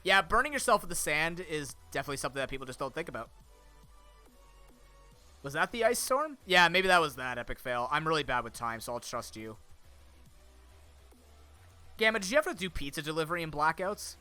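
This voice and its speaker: A man's voice: fairly high pitch, sing-song, fairly quick, pauses often, pushed and bright, faint music behind. A young man with a sore throat, chatting on stream in a rambling, off-the-cuff way, full of fillers and restarts. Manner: talks to chat and friends off-mic. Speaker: streamer and content creator. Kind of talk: casual live-stream chat.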